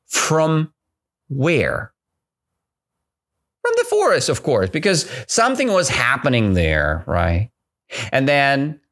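Man from Russia, podcast English teacher. Slow, highly expressive delivery with constant check-in questions. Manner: retells a story and quizzes listeners with repeated questions. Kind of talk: podcast language lesson.

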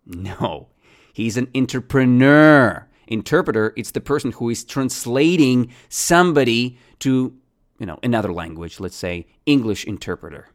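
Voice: mid-range voice, lively intonation, moderate pace. An English teacher running a lesson, asking questions and answering them, repeating key words, with non-native grammar.

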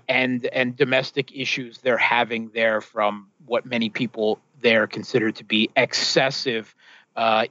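A man, a guest analyst on a talk show, giving political commentary in a measured way, with many fillers and restarts. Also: mid-range voice, pushed and bright, no echo, dull audio.

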